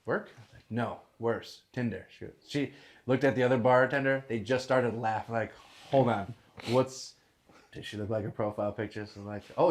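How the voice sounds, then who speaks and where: A young man telling a rowdy, profane story as a guest on a casual podcast, laughing often as he goes. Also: on the low side. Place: podcast studio.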